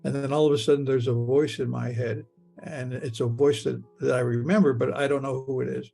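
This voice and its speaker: A man retelling a personal experience in the first person and the present tense, halting and stammering as he repeats his words. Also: medium pitch, flat delivery, creaky, warm tone, soft background music. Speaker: near-death experience witness.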